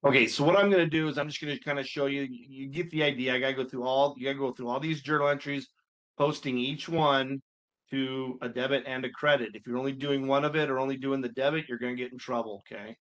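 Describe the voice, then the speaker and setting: A man's voice: mid-range voice, steady tone, fast, fairly bright tone. A man teaching accounting, talking casually through a homework walkthrough, thinking aloud and sounding mildly exasperated at times. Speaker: accounting instructor. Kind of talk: screen-recorded homework walkthrough.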